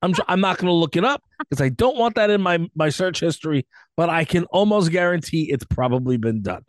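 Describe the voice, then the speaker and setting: Playful man with a lively voice. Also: a little high, fairly quick, no echo, clean studio sound. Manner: joking, playful, acts out silly voices. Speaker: podcast co-host. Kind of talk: casual chat.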